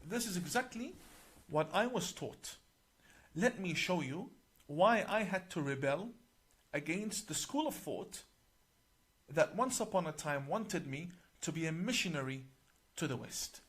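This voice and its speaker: A middle-aged imam talks to camera about a religious book, his slightly elevated voice expressive, a bit bright, and slightly rough. His delivery is deliberate and emphatic, slowing on important words, and he includes Arabic recitations.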